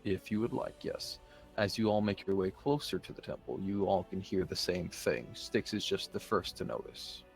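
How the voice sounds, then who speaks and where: Game master: male, low and gravelly voice, measured scene narration with filler pauses. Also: soft background music.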